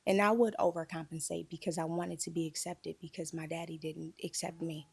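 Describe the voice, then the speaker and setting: A woman speaks with a gravelly, fry-edged voice, holding back tears as she tells a painful story. Her delivery is confessional and raw, the sound close and dry. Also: deep voice, level tone, fairly quick, a little mellow, no echo. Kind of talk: candid group conversation.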